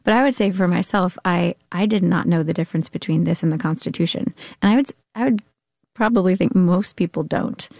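A woman, a singer-songwriter, chatting as a guest in a radio interview, playful and quick to laugh. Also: fairly low pitch, creaky, darkish tone, big-room sound. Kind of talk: casual radio interview chat.

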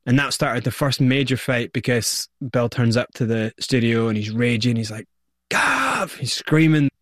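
A man's voice: medium pitch, moderate pace, no room sound, studio quality. A man, a guest in an interview, telling his story animatedly and acting out the people he quotes. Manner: animated, acts out quoted voices.

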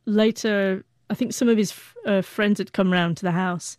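Female interview guest in her forties; stutters on word starts, warm mellow voice, dry recording. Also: medium pitch, steady tone, normal speed, dry recording. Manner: heartfelt, reflective. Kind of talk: personal storytelling.

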